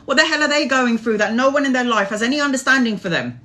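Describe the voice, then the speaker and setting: Speaking quickly in a high, sharp, animated voice, a woman does tarot readings on a phone or webcam live stream. She answers her chat's questions earnestly, rambling and offering advice.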